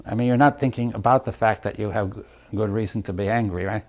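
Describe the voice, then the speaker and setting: A man giving a reflective talk to a group, thinking aloud in halting phrases, checking in with "right?" and chuckling lightly between points. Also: lowish voice, fairly even intonation, darkish tone, lo-fi sound. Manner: thoughtful, halting, often asks "right?". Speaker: speaker leading a group dialogue.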